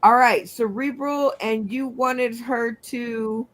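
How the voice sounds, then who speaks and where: A woman hosting a comedy game show over a video call, playful and unhurried as she recaps everyone's picks. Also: a little high, steady tone.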